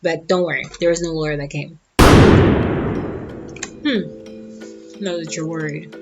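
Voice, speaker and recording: Low-voiced woman, animated and sassy, casual storytime; dull lo-fi sound over guitar music. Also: unhurried. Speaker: vlogger.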